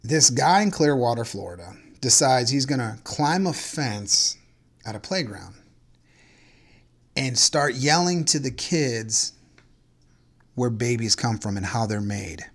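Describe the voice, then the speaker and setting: A man's voice: mid-range voice, lively intonation, slow. A man hosting a podcast in casual chat, ranting in a profane, incredulous way about strange news stories. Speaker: podcast host.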